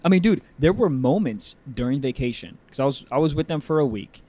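A young man co-hosting a podcast, chatting casually and crudely with a rambling, animated manner. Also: fairly high pitch, fairly quick. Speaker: podcast co-host. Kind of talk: casual comedic chat.

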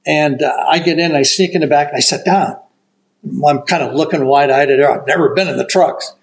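High-voiced older man telling a story. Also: brisk, low-quality recording. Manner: animated raconteur, acts out quotes. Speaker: golf broadcaster telling a story. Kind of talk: casual storytelling.

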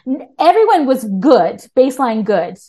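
A woman talking as a podcast guest in casual chat, animated, with frequent restarts. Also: high voice, moderate pace, husky.

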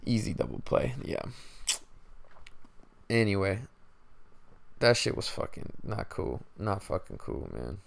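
A man's voice: low voice, sing-song, measured pace, creaky, long pauses, dry recording. Profane, frustrated man ranting. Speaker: podcast host. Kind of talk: casual sports chat.

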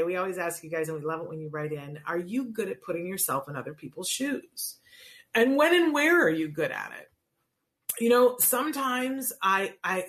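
A middle-aged woman hosting a talk show in a chatty, earnest way. Her voice sits a little low for a woman. She often stops and restarts her sentences, with plenty of fillers. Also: a bit bright. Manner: chatty and earnest, lots of fillers and self-corrections. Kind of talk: casual talk show monologue.

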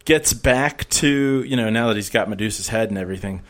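A man's voice: on the low side, a little fast, fairly bright tone. Man co-host, rambling, sarcastic, laughs a lot, casual chat. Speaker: podcast co-host.

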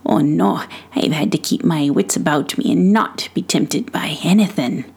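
A woman's voice: low voice, moderate pace, vocal fry, darkish tone, husky, full character voice. A woman voicing a tiny, centuries-old male leprechaun who chuckles and talks in a folksy, sing-song way in a storybook reading. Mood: grumbling.

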